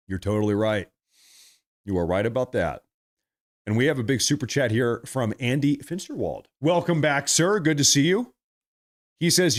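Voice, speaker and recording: A middle-aged man hosting a live stream, reading viewer messages and commenting in a casual, animated, repetitive way. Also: mid-range voice. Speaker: livestream host reading super chats.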